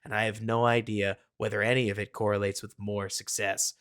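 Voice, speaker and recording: A man's voice: on the low side, little pitch movement, a little fast, fairly bright tone, clean tone. A man co-hosting a casual sports podcast, analytical and hedging his opinions with self-aware asides. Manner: hedging, self-aware, addresses co-host by name. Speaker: podcast co-host.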